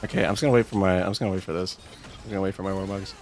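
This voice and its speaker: A man streaming live and reacting to his game in quick, exclamatory bursts, often scolding himself. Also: low-pitched, steady tone, slight background noise. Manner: reactive, exclamatory, self-critical. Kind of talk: live gameplay commentary.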